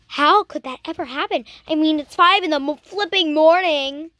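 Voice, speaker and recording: High-voiced young woman reacting on camera. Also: moderate pace, hardly any pauses, fairly bright tone. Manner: chatty and teasing, talking back at the screen. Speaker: reaction video host. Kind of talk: casual reaction commentary.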